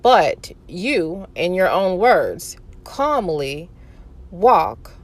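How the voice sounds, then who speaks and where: Sarcastic woman commentator, slow and low. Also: big pitch swings. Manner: sarcastic, incredulous, swears freely. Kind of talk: reaction commentary.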